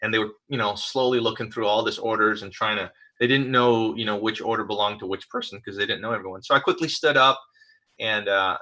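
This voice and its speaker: A man pastor giving a conversational sermon, telling personal stories in a relaxed, hesitant way with many fillers and restarts. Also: lowish voice, brisk, poor audio.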